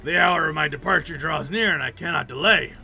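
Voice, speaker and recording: A man's voice: a little high, brisk, creaky, sharp tone, soft background music, exaggerated voice. A man voicing a formal, solemn male samurai in a game, with lofty phrasing.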